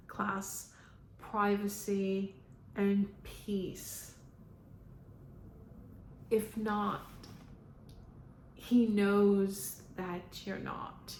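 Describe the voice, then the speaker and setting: A woman speaking as a spiritual medium, relaying messages to viewers in a halting monologue full of "um"s. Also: mid-range voice, slight background noise. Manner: halting, frequent "um" fillers. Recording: echoey room.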